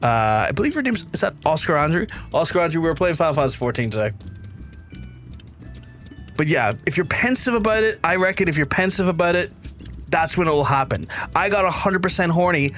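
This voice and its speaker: A man from Belfast with a softened Belfast accent, streaming a game and chatting casually with viewers in a rambling way, repeating phrases and swearing now and then. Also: on the high side, sing-song, brisk, soft background music. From Belfast, Northern Ireland. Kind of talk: casual livestream chat with viewers.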